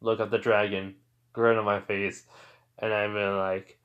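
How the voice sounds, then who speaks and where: A man's voice: lowish voice, moderate pace, smooth. A tired man improvising a fan fiction story aloud, rambling with lots of fillers and occasional stutters.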